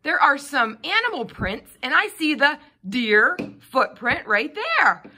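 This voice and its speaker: A woman's voice: high voice, big pitch swings, slow pace, sharp tone. A woman teacher giving a phonics lesson to a child, patiently sounding out letter sounds.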